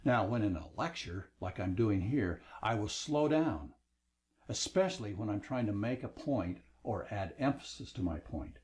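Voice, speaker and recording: A man's voice: fairly low pitch, darkish tone. A middle-aged man teaching a recorded lesson on speaking, lecturing with varied emphasis. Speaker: instructor.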